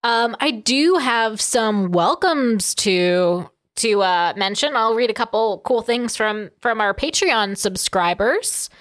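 A woman's voice: a little high, expressive. A woman co-hosting a podcast, chatting casually and reading out listener messages with many fillers. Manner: chatty, halting with fillers, laughs often. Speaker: podcast co-host.

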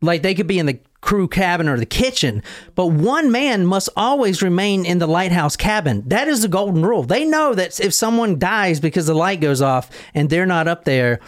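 Excitable guy hosting a podcast, voice bouncing all over, dry close sound, swears a lot. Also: high-pitched, no room sound. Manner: excitable, swears and laughs often, quick bursts. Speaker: podcast host. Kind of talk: casual storytelling chat.

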